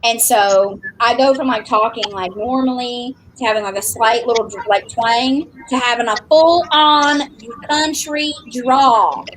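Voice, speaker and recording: A woman with a Southern US drawl talks fast and animatedly as a podcast guest, laughing as she goes. Her voice sits fairly high. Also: a little hiss or hum. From American South. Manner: animated, chatty, laughs often. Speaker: podcast guest, romance author. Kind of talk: casual chat.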